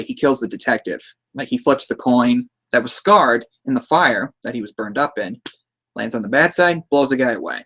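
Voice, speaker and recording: Recapping a film on his podcast, a man with a somewhat bright, medium-pitched voice rambles casually, laughs frequently, and drifts into quoting lines from it.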